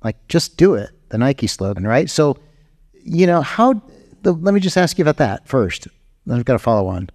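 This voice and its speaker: A man's voice: mid-range voice, sing-song, moderate pace, darkish tone. A man hosting an interview, asking about a book in a conversational, prompting way. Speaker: interview host. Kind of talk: interview questions.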